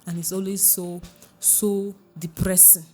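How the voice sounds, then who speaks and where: A woman relationship coach giving advice in a podcast interview, earnest and emphatic, repeating her key phrases and quoting others in a hushed voice. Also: mid-range voice, level tone, a little slow, faint music behind.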